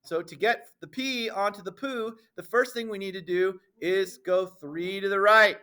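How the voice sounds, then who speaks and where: Calling his students ladies and gentlemen, this middle school math teacher is playful and emphatic, frequently checking that everyone follows along. His voice is high-pitched, and he talks at a normal speed.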